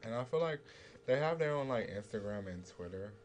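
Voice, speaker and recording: A man's voice: medium pitch, animated, brisk. A young man co-hosting a youth talk show, laid-back and chatty, leaning on fillers. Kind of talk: casual talk-show chat.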